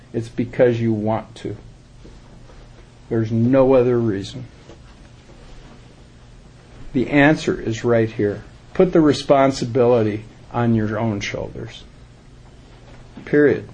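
A man's voice: medium pitch, darkish tone, breathy edge. A man giving an earnest, plain-spoken recovery talk to a group, emphatic and direct. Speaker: recovery speaker.

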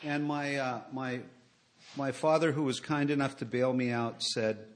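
A middle-aged man sharing his recovery story with an audience, using wry, self-mocking humor and swinging between loud and soft. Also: medium pitch, steady tone, measured pace. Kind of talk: personal storytelling talk to an audience.

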